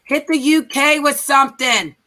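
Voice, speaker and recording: An American woman hosting a live stream, loud and laughing, swearing freely and bossing her friends into a game. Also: high voice, moderate pace. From United States. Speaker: streamer host. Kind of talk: casual stream banter.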